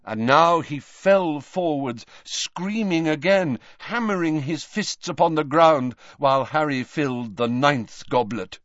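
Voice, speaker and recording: An audiobook narrator reading scripted narration in a measured, expressive storytelling manner. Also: medium pitch, no echo, lo-fi sound.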